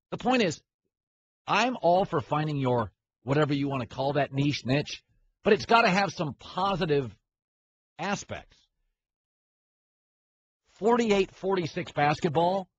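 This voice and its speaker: A man hosts a sports talk show, opinionated and rambling, constantly stopping and restarting his sentences. His voice sits high with a breathy edge. The recording is slightly muffled with a faint hiss.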